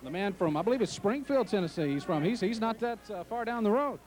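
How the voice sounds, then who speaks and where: Excited wrestling announcer, high voice. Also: male voice, fast. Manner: excited, joking, shouts at big entrances. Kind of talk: play-by-play commentary.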